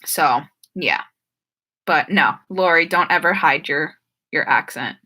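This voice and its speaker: A woman's voice: low-pitched, slow pace, bright, forceful tone. A young woman with a New Jersey and Philadelphia accent, chatting casually while she answers viewer questions on a live stream. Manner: chatty, frequent "like" and "um", trips over words. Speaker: YouTuber hosting a live stream Q&A.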